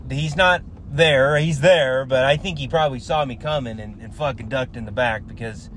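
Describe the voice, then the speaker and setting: A man's voice: medium pitch, moderate pace, a bit bright, slight background noise. A man who works as a contractor, telling a story in a heated, profane rant full of swearing and restarts. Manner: rambling, with many fillers and restarts.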